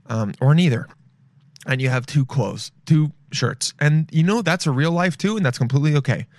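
A man's voice: medium pitch, no room sound. A young man from Los Angeles hosting a podcast, with a sniffly nose, rambling casually and swearing freely. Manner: rambling, swears freely, calls listeners "dude". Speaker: podcast host. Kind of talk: casual solo chat.

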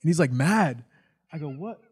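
A man with a middle-pitched voice tells a lively story on a podcast and laughs often. The sound is dry and close. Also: a little fast, no room sound. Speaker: podcast co-host. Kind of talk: casual chat.

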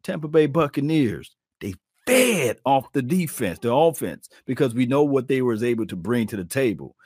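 A man hosting a sports talk channel, chatting live with viewers in an animated, folksy way. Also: mid-range voice, dry recording, clean studio sound. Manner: animated, folksy, addresses the audience directly.

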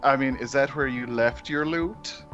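A man's voice: mid-range voice, unhurried, fairly bright tone, faint music behind. A man playing a tabletop game, joking and offhand in casual role-play chat. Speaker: player. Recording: dull lo-fi recording.

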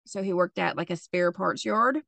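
A woman's voice: lowish voice, normal speed, vocal fry, fairly bright tone, no echo. A woman co-hosting a podcast, telling a true crime story in casual chat with sarcastic, laughing asides.

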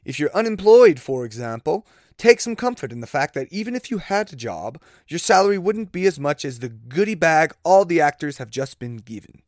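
A man's voice: on the high side, sing-song, normal speed, no room sound, clean studio sound. A man voicing a British comedian roasting an awards crowd, in a clumsy put-on British accent that drifts toward Australian. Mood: mocking.

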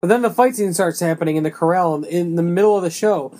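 A man's voice: sits high, fast, a little mellow. A young man co-hosting a casual podcast, teasing his friend and laughing as they mock a movie. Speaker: podcast co-host.

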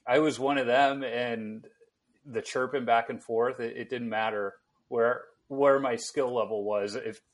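A man's voice: medium pitch, measured pace. Podcast host, man from Chicago, easygoing and conversational. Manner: conversational, relaxed storytelling. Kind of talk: casual interview chat.

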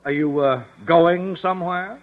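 An actor playing a pompous, stern school official in a 1950s radio sitcom. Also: male voice, on the high side, a little slow, natural voice. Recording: muffled old radio broadcast.

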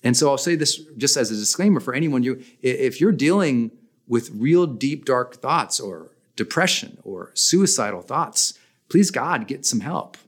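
A man's voice: mid-range voice, animated, normal speed. A man hosting a podcast, giving motivational talk with emphatic stress that jumps up on key points. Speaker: podcast host.

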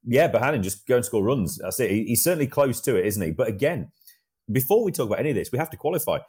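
A man's voice: mid-range voice, big pitch swings, fast talker, a little mellow, husky. A man co-hosting a cricket podcast, reflecting in casual chat and drawing on his own playing experience. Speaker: podcast co-host.

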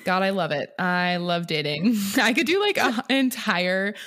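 A woman's voice: mid-range voice, expressive, moderate pace, fairly bright tone. A young woman co-hosting a podcast in a chatty, giggly, casual way. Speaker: podcast co-host. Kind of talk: casual chat.

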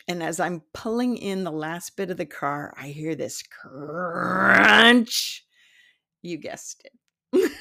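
A woman in her fifties, a psychic development teacher, telling a personal story in casual talk. Her voice sits a bit low, and she laughs often. She keeps acting out what people said to her. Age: 50s. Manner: animated, laughs often, acts out quoted dialogue.

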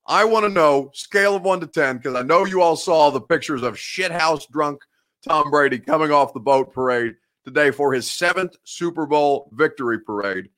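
Sports show host, male, fairly high and bright voice, rambling and jokey. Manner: rambling, self-correcting, joking. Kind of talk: casual live-stream sports talk. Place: home studio.

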